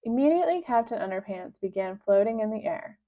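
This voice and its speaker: A woman reading a children's book aloud with expressive, lively narration. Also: fairly quick. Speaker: reader. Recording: dull low-fidelity sound.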